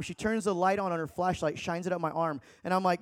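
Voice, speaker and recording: A man in his thirties preaching a sermon, telling stories in an animated, casual way with slang. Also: high-pitched, fast talker, hardly any pauses. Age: 30s.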